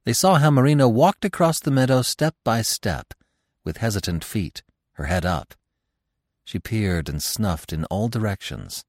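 A man reads a classic novel aloud with dramatic, expressive storytelling. His voice is very deep yet moves a lot in pitch. The recording is dry and close, with no room sound. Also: a little slow, dry recording. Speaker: narrator. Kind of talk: scripted narration of a classic novel.

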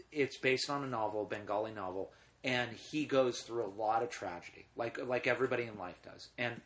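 A man's voice: medium pitch, fairly bright tone. A middle-aged man, a guest in casual conversation, telling rambling stories with emotion and frequent restarts.

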